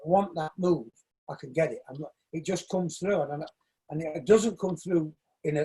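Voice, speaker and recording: A man in his sixties, a shoemaker and dance coach, telling lively stories in a casual interview and acting out other people's voices. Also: a little high, brisk, gravelly, slightly rough, rough recording. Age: 60s. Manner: animated storyteller, acts out quoted voices.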